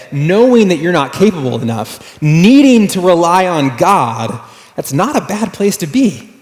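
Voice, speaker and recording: A man preaching a sermon as pastor, telling the story in a casual, animated way with frequent fillers. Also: on the high side. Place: church sanctuary. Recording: echoey church hall.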